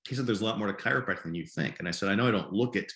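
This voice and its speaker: A man in his fifties from Nebraska, a podcast guest telling his story in a halting way and often repeating words. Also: lowish voice, a bit bright. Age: 50s. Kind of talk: conversational storytelling. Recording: roomy echo.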